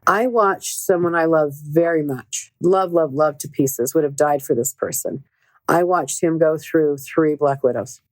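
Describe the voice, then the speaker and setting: Middle-aged female host, low-pitched, earnest and emphatic, in a dry booth sound. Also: unhurried, a little mellow, no room sound. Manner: earnest, emphatic, repeats words for stress. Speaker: podcast host and relationship coach. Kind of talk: casual storytelling monologue.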